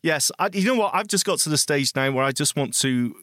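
Lively teasing man, dry sound. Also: fairly high pitch, dry recording. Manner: teasing, quick one-liners. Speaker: podcast co-host. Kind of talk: casual chat.

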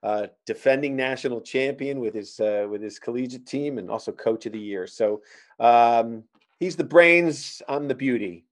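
A middle-aged man with a mid-range voice and moderate pace hosts a podcast. A stand-up comic, he chats casually and tells stories in a rambling, joking style packed with fillers.

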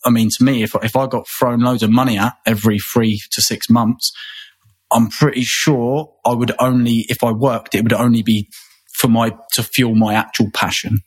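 A man's voice: mid-range voice, fairly even intonation, moderate pace, slightly rough. A man from England, a guest in an interview, talking conversationally in a rambling way, with many restarts and repeated words.

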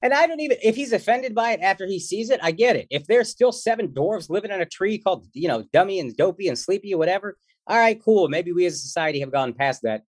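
A man who is a comedian, talking as a guest in a casual interview in an animated, joking and slangy way. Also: high voice, fast, hardly any pauses, husky, no room sound, clean studio sound.

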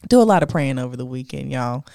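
Low, lively woman host. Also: fast, vocal fry, no echo, clean studio sound. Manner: laughs often, chatty and excited. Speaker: podcast host. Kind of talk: casual chat.

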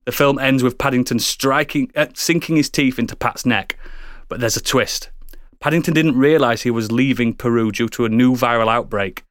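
Animated man pitching a story. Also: normal speed, smooth, no room sound, clean studio sound. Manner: animated, swearing, laughing. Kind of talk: comedic storytelling chat.

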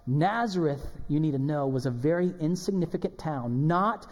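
A man preaching a sermon as pastor, animated and emphatic, acting out the people in the passage. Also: on the high side, normal speed. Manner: animated, emphatic preaching with dramatic quoted voices. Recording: long hall reverb.

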